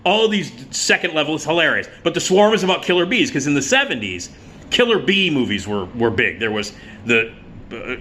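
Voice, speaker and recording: Middle-aged male film commentator, bright forward tone, sarcastic, swears freely, rambles. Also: mid-range voice. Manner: sarcastic, profane, rambling with many fillers. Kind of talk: casual ranting movie talk.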